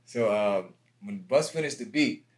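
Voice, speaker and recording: A man, a music producer being interviewed, telling stories in a casual, lively way and acting out other people's lines. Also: lowish voice, measured pace. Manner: animated, acts out quotes with raised voice.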